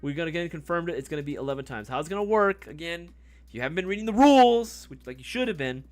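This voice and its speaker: A livestream host with a fairly high, animated voice talks fast over soft background music. He's running a casual giveaway, joking, swearing loosely, answering the live chat, and slipping into a mock ASMR murmur.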